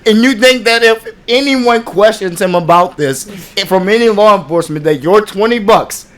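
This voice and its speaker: A man co-hosting a casual podcast, spinning a story full of swearing and laughter. He acts out each quoted line as he goes. His voice sits a little on the high side. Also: normal speed, fairly bright tone. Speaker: podcast co-host.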